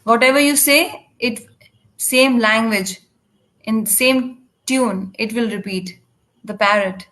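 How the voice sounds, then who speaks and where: Woman with a slightly high voice, live interpreter for a spiritual class, halting delivery with restarts. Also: a bit bright, low-quality recording. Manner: halting, with frequent restarts and fillers. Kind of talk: live translation of a devotional lecture.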